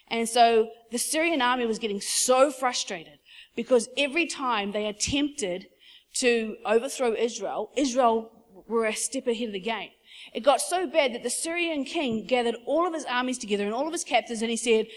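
A woman's voice: fairly high pitch, fairly quick. A woman preacher giving a fervent sermon in a conversational, storytelling way.

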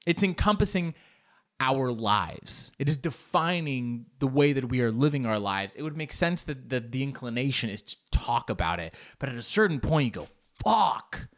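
A young man delivering a profane, animated comic monologue, acting out bits in high put-on voices. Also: normal speed. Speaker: comedian. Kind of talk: stand-up style comic monologue.

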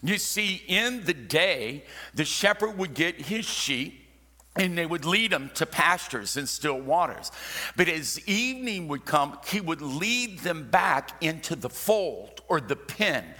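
A man preaching a sermon, telling stories with jokey asides and dropping suddenly from loud to hushed. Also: fairly high pitch, expressive, takes it slowly. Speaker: pastor. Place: church sanctuary. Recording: long hall reverb.

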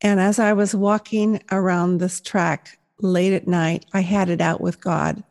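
Gravelly woman in her sixties telling her story. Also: on the low side, little pitch movement, unhurried, few pauses, a little mellow. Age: 60s. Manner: earnest, reflective storytelling. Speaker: speaker sharing her faith story. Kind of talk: personal testimony talk.

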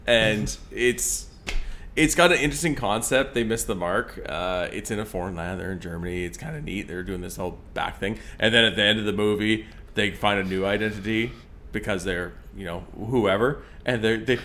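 Casual male podcaster, lowish voice, rambling and jokey, loose conversational delivery. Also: normal speed, pushed and bright, a little hiss or hum. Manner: rambling, jokey, trails off searching for words. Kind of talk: casual movie chat.

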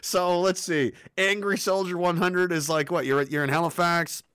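A man's voice: high-pitched, little pitch movement, normal speed, a bit bright, clear, resonant tone, no echo, clean studio sound. A man hosting a live stream in casual chat, rambling, swearing and laughing often as he reads messages. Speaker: livestream host.

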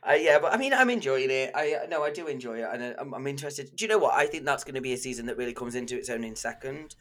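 A young man guesting on a chatty podcast, his voice bright and clear-edged. He talks in an animated, gossipy rush of opinions and laughs readily. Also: mid-range voice, fast talker. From Manchester, England. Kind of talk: casual chat.

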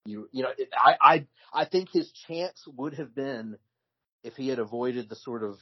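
A man talks casually as a podcast co-host in a husky voice, in relaxed storytelling with frequent restarts. The sound is dull and lo-fi. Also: mid-range voice, normal speed. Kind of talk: casual chat. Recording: dull lo-fi recording.

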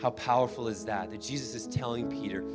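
Speaking a little fast in a mid-range voice, a man preaches from a church sanctuary. He is emphatic and keeps circling back to the same phrases, with band music and long hall reverb in the recording.

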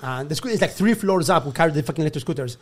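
A man's voice: fairly high pitch, lively intonation, very fast. A man, a guest comedian, telling a rowdy story in a casual chat, laughing and swearing as he acts out the people in it.

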